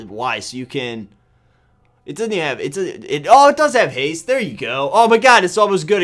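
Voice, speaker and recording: Male gaming host, mid-range voice, loose sarcastic commentary with sudden loud and soft swings. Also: mid-range voice. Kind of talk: casual video game commentary.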